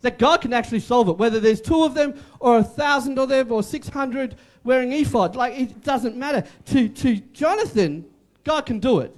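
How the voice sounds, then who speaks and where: High-voiced emphatic male preacher. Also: lively intonation, normal speed. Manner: emphatic, repetitive, jokey preaching. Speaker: pastor. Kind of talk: sermon.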